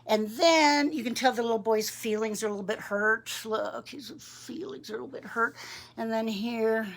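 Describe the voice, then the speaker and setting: A woman reading a picture book aloud to young children, gentle and chatty, asking them questions. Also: a little high, normal speed. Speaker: storybook reader for young children.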